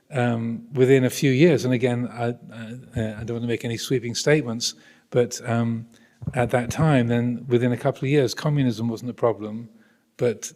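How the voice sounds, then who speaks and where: Man, Buddhist teacher, mid-pitch, halting thoughtful delivery, long reverb of a monastery hall. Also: a little mellow. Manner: thoughtful, hesitant, many restarts. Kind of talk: Dharma talk to visitors.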